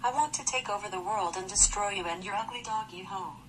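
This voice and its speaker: A woman's synthetic smart-speaker assistant voice, speaking in a flat, even machine delivery. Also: medium pitch, fairly quick, crowd noise. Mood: menacing.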